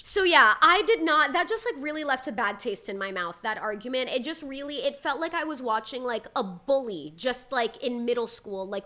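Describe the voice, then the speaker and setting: A woman's voice: fairly high pitch, pushed and bright. A young woman hosting a reality TV recap, talking casually, opinionated and heated, often quoting people in mocking voices. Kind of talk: casual commentary vlog.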